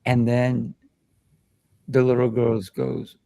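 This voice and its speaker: Male host, kung fu teacher, gravelly texture, dry close sound, animated storyteller. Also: mid-range voice, measured pace, dry recording. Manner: animated, acts out children's voices in anecdotes. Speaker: kung fu instructor and show host. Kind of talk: casual discussion, storytelling.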